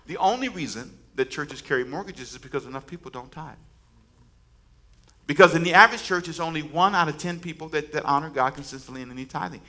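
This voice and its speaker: A man delivering a sermon in a bright, forceful voice, pitched a little above the usual. He preaches emphatically, repeats his words and calls on the congregation to answer back. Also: quick pace. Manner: preaching with call-and-response to the congregation. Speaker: pastor.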